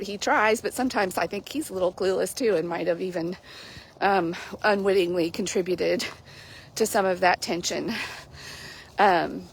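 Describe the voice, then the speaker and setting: A middle-aged woman, a Christian life coach, talking through a casual devotional livestream in a chatty, animated way with frequent laughs. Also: mid-range voice, a little hiss or hum. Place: outdoors on a mild day.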